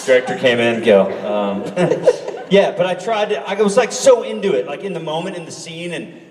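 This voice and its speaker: A man's voice: fairly high pitch, normal speed, a little hiss or hum. A man telling stories casually on a convention panel, acting out other people's lines as he goes. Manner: animated storyteller who acts out other people's lines. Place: large convention hall. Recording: echoey hall from far off.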